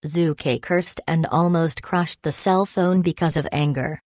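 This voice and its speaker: A woman narrating an audiobook in an even, unhurried reading voice. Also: sits low, dry recording, clean studio sound. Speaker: audiobook reader. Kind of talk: scripted narration.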